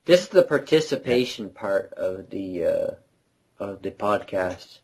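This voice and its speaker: A man's voice: deep voice, big pitch swings, a little slow, vocal fry, a little mellow, husky, low-quality recording. A man co-hosting a casual late-night podcast, rambling, trailing off and laughing often. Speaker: podcast co-host.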